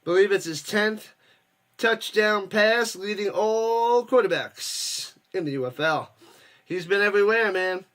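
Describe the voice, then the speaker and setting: High, bright-voiced excitable male game commentator. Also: a little slow. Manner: excitable, yells on big plays, chats with viewers. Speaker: watch-party streamer and host. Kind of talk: casual live play-by-play commentary.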